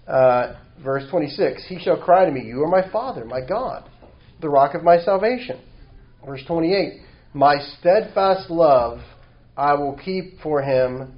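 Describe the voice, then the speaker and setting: A man preaching a sermon, reading scripture slowly and forcefully and then explaining it in a conversational way. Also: fairly high pitch. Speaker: pastor. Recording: dull, lo-fi sound.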